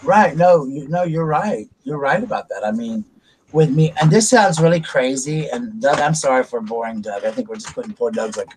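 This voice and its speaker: A man's voice: mid-range voice, expressive, normal speed, darkish tone, slight background noise. A middle-aged man from South Carolina hosting a casual chat, talking openly and rambling about family and feelings. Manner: open, rambling, confessional. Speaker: host.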